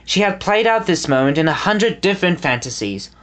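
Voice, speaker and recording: A man reading a children's storybook aloud as the narrator, with an expressive delivery. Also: sits high, fairly quick. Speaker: audiobook reader.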